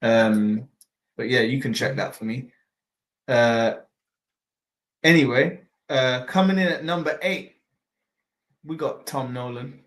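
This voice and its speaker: A man's voice: mid-range voice, slow, long pauses, fairly bright tone, low-quality recording. A man hosting a casual fight podcast, rambling with lots of fillers and restarts and casual swearing. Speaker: podcast host.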